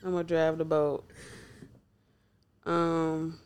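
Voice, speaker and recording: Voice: mid-range voice, monotone, very slow, smooth. A co-host, recapping an episode in laid-back casual chat. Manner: laid-back, laughs often. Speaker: podcast co-host.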